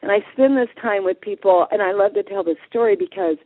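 Radio guest: woman, husky, lively storyteller heard over a phone line. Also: medium pitch, fairly quick, no room sound. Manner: animated storyteller, acts out quotes. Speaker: guest, passion coach. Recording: dry tinny phone line.

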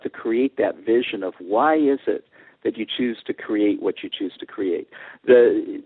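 Radio guest: earnest man, husky voice, phone-line sound. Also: medium pitch, no room sound. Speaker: guest, co-author. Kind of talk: phone-in radio interview, explaining. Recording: dry tinny phone line.

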